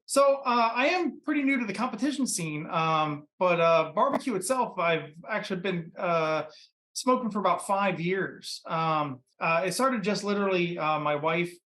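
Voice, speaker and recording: A man's voice: sits high, moderate pace. Rambling man from Ohio in echoey room. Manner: relaxed, rambling, many fillers. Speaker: podcast guest, pitmaster. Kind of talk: casual interview storytelling. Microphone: computer mic.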